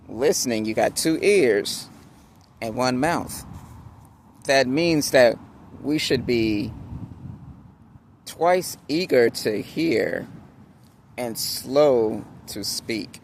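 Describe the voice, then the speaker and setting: A man giving a casual motivational talk to camera, speaking slowly and deliberately with many pauses and restarts. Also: mid-range voice, animated, a little hiss or hum. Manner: slow, deliberate, halting speech with many restarts. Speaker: vlogger.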